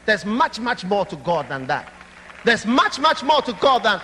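A young man preaching an impassioned sermon that rises to shouts. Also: sits high, sing-song, a little slow, long reverb tail, a little hiss or hum. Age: young adult.

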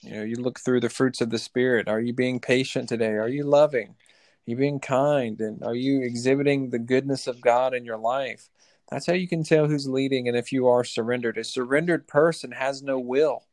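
A man's voice: medium pitch, steady tone, moderate pace, darkish tone, no echo. A man, a pastor, explaining faith plainly and directly with rhetorical questions. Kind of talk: sermon-like explanation.

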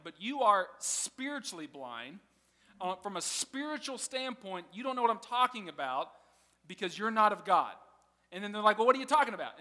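Guy preaching a sermon, high bright voice, loose and chatty, big echoey hall. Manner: casual, laughing, conversational preaching. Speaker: pastor.

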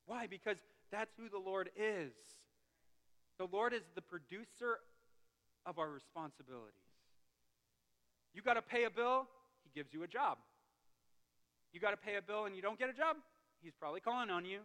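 Male preacher, bright and forceful tone, fervent delivery that drops to a near hush, recorded in a reverberant sanctuary. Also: high voice, lively intonation, moderate pace, long pauses. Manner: impassioned, swinging from loud to hushed. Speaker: pastor. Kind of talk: sermon. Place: church sanctuary. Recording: long reverb of a church hall.

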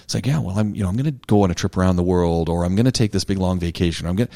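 Middle-aged man, low voice, casual co-host, animated storyteller who laughs easily. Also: rapid-fire, creaky. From Canada. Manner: animated storyteller, acts out others' lines with big pitch jumps, laughs often. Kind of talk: casual chat.

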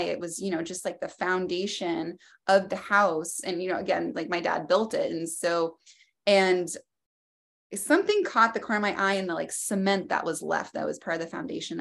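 A woman speaks as an interview guest, telling a personal story in a reflective, unhurried way. Her voice sits fairly low and has a noticeable gravelly fry. Her phrasing is loose and full of fillers as she thinks aloud. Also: a bit bright.

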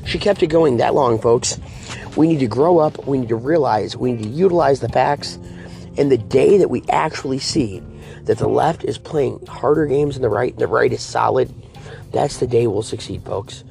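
A man's voice: mid-range voice, normal speed, vocal fry, mellow, faint music behind. A man hosting a political talk show, ranting to his viewers in a preachy way and calling them folks and guys.

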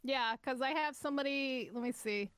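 A woman's voice: high-pitched, moderate pace, fairly bright tone, clear, resonant tone, no room sound, clean studio sound. A young woman co-hosting a podcast in casual chat, swearing often and joking around. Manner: profane, chatty and joking. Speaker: podcast co-host.

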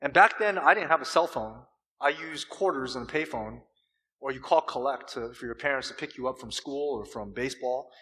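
A man preaching a sermon with impassioned swells and dramatic pauses, from California. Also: medium pitch, sharp tone. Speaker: pastor. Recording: long hall reverb.

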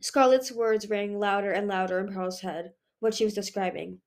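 A woman's voice: mid-range voice, steady tone, moderate pace. A woman narrating a fantasy novel as an amateur audiobook reader, stumbling and restarting words now and then. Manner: reads with frequent slips and restarts.

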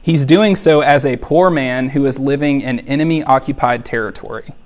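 A man's voice: medium pitch, normal speed. A man preaching a sermon in a conversational, emphatic way, with fillers and repeated phrases. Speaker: pastor.

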